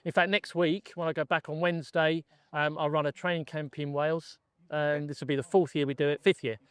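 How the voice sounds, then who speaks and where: A man's voice: on the high side, level tone, brisk, a bit bright, clear, resonant tone, no room sound. A middle-aged man, a gun dog trainer from England, chatting casually as a podcast guest and telling his story with many restarts.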